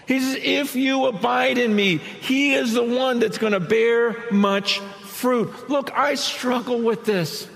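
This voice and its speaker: A man's voice: extremely high pitch, slow, gravelly, hardly any pauses, a bit bright, in a large hall, poor audio. A man preaching a sermon in an earnest, conversational way, often acting out quoted words. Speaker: pastor.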